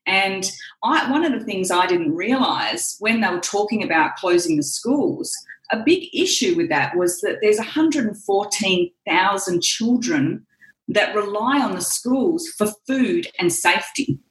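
A woman's voice: mid-range voice, expressive, unhurried. A middle-aged woman with an Australian accent, talking candidly and at length as a guest in a casual interview, with many fillers. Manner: candid, rambling, self-mocking, many fillers. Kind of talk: casual emotional interview chat. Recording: roomy echo.

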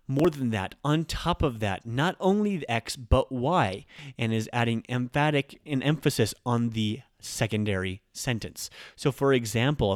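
A man's voice: medium pitch, no echo, studio quality. A man hosting a podcast lesson, explaining grammar in a friendly, casual way with occasional ums and self-corrections. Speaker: Japanese language teacher and podcast host.

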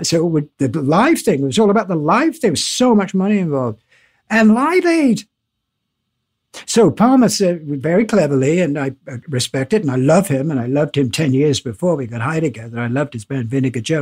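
Older male guest, husky and a touch high-pitched, animated raconteur who swears and laughs. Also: brisk, hardly any pauses. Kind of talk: casual interview storytelling.

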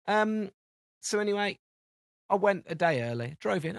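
A man's voice: high-pitched, animated, moderate pace, vocal fry, no room sound. Dry-sounding British man telling stories. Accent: British English. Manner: rambling storyteller, acts out dialogue in anecdotes. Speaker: podcast co-host. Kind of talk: casual chat.

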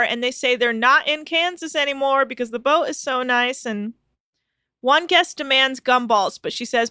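High, bright woman co-host. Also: smooth, dry recording, clean studio sound. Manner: chatty storytelling, quotes people. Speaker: podcast co-host. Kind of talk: casual recap chat.

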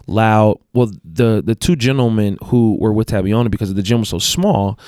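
A man's voice: fairly low pitch, moderate pace, darkish tone, no echo, clean studio sound. A man who coaches basketball, telling a story in casual chat, rambling with restarts and self-corrections. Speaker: guest, basketball coach and athletic director.

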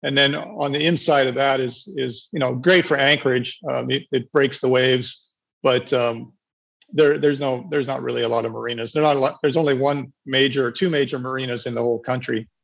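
Gravelly, husky man explaining casually. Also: mid-range voice, fairly even intonation, brisk, a bit bright, low-quality recording. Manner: rambling, with many restarts and fillers. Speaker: agroforestry project presenter. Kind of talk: casual webinar presentation.

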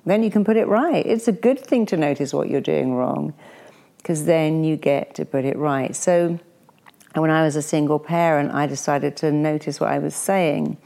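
Woman, podcast guest, coach, low pitch, dark mellow tone, animated storytelling. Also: moderate pace, vocal fry. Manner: animated, acts out quoted voices.

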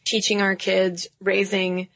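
A woman's voice: medium pitch, monotone, slow, gravelly, a bit bright, no room sound. A woman co-hosting a podcast in casual chat, earnest and laughing easily. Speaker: podcast co-host.

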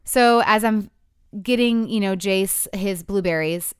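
A woman's voice: mid-range voice, a little slow, clean tone, no room sound, studio quality. A woman in her thirties telling a couple's story in candid chat, acting out the quotes as she goes. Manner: animated storytelling with voiced quotes.

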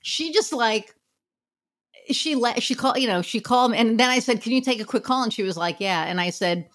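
A woman's voice: fairly high pitch, brisk, a bit bright. A woman who runs a marketing business, chatting casually and candidly, swearing freely and acting out what people said. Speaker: podcast guest, marketing business owner. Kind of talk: casual chat.

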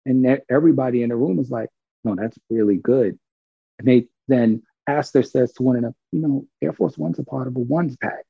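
Gravelly man from Brooklyn telling a story. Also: mid-range voice, brisk, no room sound, phone-quality sound. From Brooklyn, New York. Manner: animated, acts out quoted dialogue, swears freely. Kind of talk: casual storytelling.

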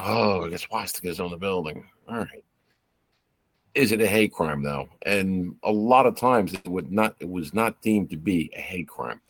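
A man's voice: low voice, fairly bright tone, dry recording. A man, a former police officer, telling anecdotes in casual podcast chat and acting out the quoted dialogue. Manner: storyteller who acts out quoted dialogue. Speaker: retired police officer guest.

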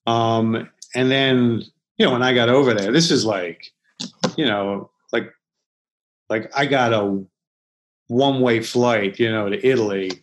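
A middle-aged man tells a long story in a relaxed interview. He rambles, trips over restarts and swears freely. His pitch sits in the middle for a man. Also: measured pace, slight background noise, rough recording. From Philadelphia, United States. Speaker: chef and interview guest. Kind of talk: casual storytelling in a podcast interview.

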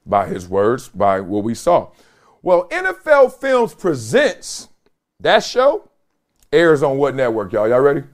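Animated middle-aged man riffing on sports. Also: mid-range voice, unhurried. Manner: animated, slangy, laughs often, talks to viewers. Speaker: sports commentary host. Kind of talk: casual solo sports commentary.

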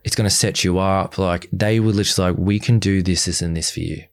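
A young man, an interview guest, talks bluntly and briskly in a low-pitched voice with no echo. He's animated and candid, acting out the things people said to him.

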